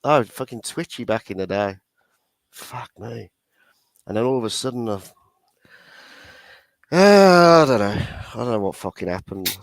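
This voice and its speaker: A man's voice: mid-range voice, no room sound. A man hosting a casual livestream chat, blunt and full of swearing, laughing often. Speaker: livestream host.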